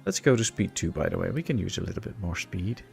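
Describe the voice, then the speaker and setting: A man's voice: sits low, very animated, quick pace, vocal fry, soft background music. A man with a Dutch accent giving laid-back live-stream gameplay commentary, chatting with his viewers and joking around. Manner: chatty, laid-back, answers chat with jokes. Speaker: gaming streamer.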